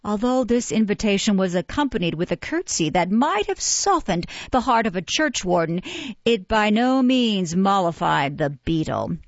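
Woman, audiobook narrator, measured classic storytelling, dull muffled dry recording. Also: mid-range voice, very animated, no room sound. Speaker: audiobook reader.

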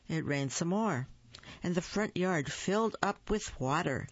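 Slow, deliberate picture-book reader. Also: medium pitch, expressive, dry recording, highs cut off. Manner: slow, deliberate reading with small slips. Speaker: storyteller. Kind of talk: reading a picture book aloud.

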